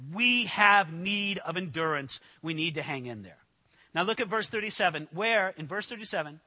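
A man delivers an earnest sermon in a high, bright, forceful voice. He leans hard on scripture quotes, slowing to stress each word. His voice carries a long reverb through a large hall. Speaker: pastor. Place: church hall with an audience.

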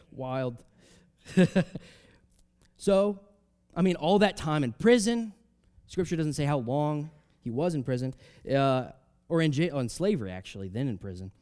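A man preaching a sermon, reading scripture aloud and explaining it in a conversational way, swinging between loud emphatic rises and soft drops. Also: fairly high pitch, expressive, unhurried, clear, resonant tone. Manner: reads scripture aloud, then explains it casually with fillers.

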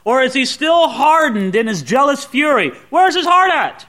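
A man's voice: extremely high pitch, big pitch swings, normal speed, bright, forceful tone. A male pastor preaching an expository sermon, retelling a scripture story and dramatically voicing its characters. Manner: dramatic, voices the Bible characters with rising intensity.

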